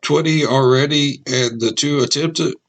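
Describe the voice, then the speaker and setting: A man's voice: on the high side, a little slow. A man giving casual, jokey reaction commentary. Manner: chatty, animated, jokey outbursts. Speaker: reaction video host.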